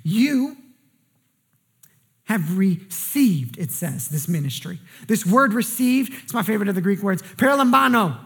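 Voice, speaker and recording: A woman pastor preaching a sermon in an earnest way, often restarting and repeating words, and sinking low and quiet on key words. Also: expressive, unhurried, gravelly. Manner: drops pitch and volume for emphasis.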